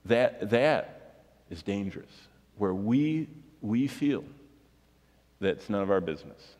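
A man's voice: fairly low pitch, lively intonation, slow pace, a little mellow, long reverb tail. A man preaching a sermon, reading scripture and pressing his points with rhetorical questions. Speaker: pastor.

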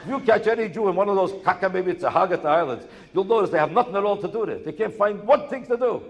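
Insistent stand-up comedian in a hall. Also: male voice, sits high, lively intonation, background noise. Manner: rapid, insistent, rhetorical questions and repetition. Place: stage in a hall before a live audience. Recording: echoey hall, live show.

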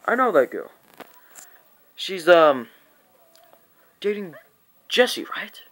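A man's voice: sits high, big pitch swings, extremely slow, fairly bright tone, pitched above the performer's own voice, heavily acted. A man voicing a stern father who firmly accuses a boy. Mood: accusing. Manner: accusing, firm. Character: stern middle-aged father confronting a boy.

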